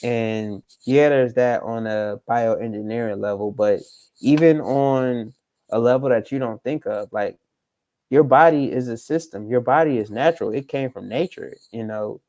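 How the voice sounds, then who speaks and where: A man's voice: medium pitch, unhurried, a little mellow, dry recording. Laid-back man rambling in slang. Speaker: vlogger. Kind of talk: casual chat. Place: car in traffic.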